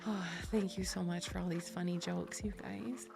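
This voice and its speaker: An American woman streaming, chatting casually with viewers, giggly and chatty and loudly excitable. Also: lowish voice, moderate pace, creaky, music in the background.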